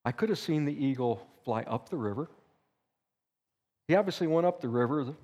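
A man's voice: fairly high pitch, expressive, normal speed, a little mellow. An older man teaching at church, telling a personal story in a conversational way and acting out his own thoughts. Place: church hall. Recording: echoey hall reverb.

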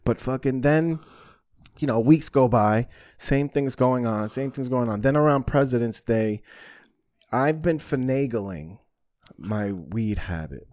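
A man's voice: medium pitch, animated, unhurried, a little mellow, no room sound, studio quality. A man hosting a podcast, telling a personal story in frank, profane casual talk and acting out his own reactions. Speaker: podcast host.

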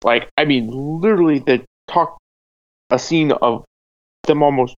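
A guest in a casual panel discussion, rambling and animated with lots of likes and I-means. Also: medium pitch, a little slow, dull audio.

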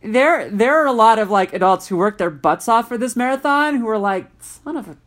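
A woman's voice: a little high, brisk. Chatty woman telling a funny story. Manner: animated storyteller, acts out quoted voices. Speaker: podcast co-host telling a news story. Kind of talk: casual chat.

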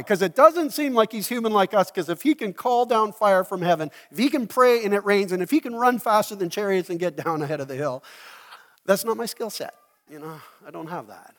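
A man preaching a sermon as a pastor, telling the story in an animated way and acting out the scenes. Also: on the high side, in a large hall. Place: church hall.

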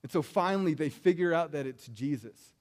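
Higher-voiced man preaching casually. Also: animated, a little fast, darkish tone. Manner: casual storytelling, often asks "right?". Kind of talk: conversational sermon.

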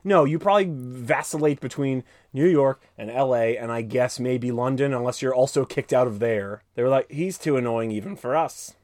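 A man's voice: mid-range voice, moderate pace, few pauses, darkish tone, no room sound, clean studio sound. A man co-hosting a podcast in casual chat, sarcastic and profane, ranting and joking. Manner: sarcastic, profane, rants with jokey put-on voices. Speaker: podcast co-host.

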